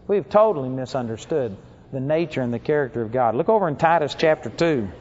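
A man speaks slightly quickly over a faint hiss or hum, delivering a sermon full of stories. He animates the tale by acting out the people in it, pitching his voice higher for their quoted lines. The recording is dull and lo-fi.

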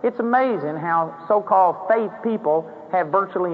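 A man's voice: fairly high pitch, moderate pace, few pauses, in a large hall. A man preaching a sermon in a conversational way, rising into emphatic acted prayers. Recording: dull, hollow-sounding sermon recording with faint hiss.

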